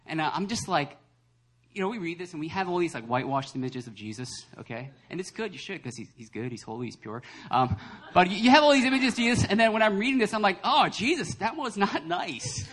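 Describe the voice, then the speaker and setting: A young adult man, a pastor, preaching a lively sermon that acts out voices and laughs often. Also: sits high, fast talker. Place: church service hall.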